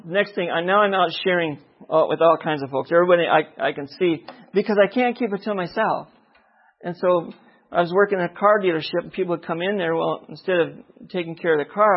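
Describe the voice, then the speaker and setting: A man with a high, gravelly voice shares his testimony from the pulpit. His tone is husky, and he keeps turning to the listeners with a quick "okay?". The recording is dull and lo-fi. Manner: storytelling, often checking in with "okay?". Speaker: lay preacher giving testimony. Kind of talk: personal testimony sermon.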